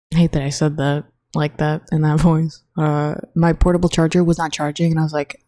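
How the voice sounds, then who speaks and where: Low-voiced young woman rambling, profane. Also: moderate pace, no echo, clean studio sound. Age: young adult. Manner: rambling, profane, flatly bored. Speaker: college student podcast host. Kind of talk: casual solo podcast monologue. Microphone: own desk microphone.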